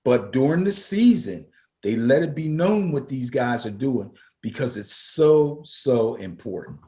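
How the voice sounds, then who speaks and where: A man's voice: medium pitch, animated, unhurried, dark tone. Man co-hosting a football talk show. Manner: emphatic, repeats words when fired up. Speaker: sports talk show co-host. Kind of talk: casual sports radio chat.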